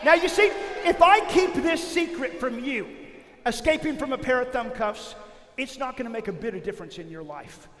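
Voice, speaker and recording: Guy giving a youth sermon, goes loud then whispery, big echoey hall. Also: very high-pitched, normal speed. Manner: animated, swings from loud calls to hushed whispers. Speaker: youth camp speaker. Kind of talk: energetic youth sermon with storytelling.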